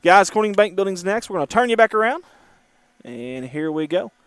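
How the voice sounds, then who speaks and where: A man's voice: sits high, fairly quick, clear, resonant tone, no echo. Chatty man hosting a drive. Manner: reads viewer comments aloud, chatty and excitable. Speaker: livestream host. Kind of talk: casual driving livestream chat. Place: inside a moving car.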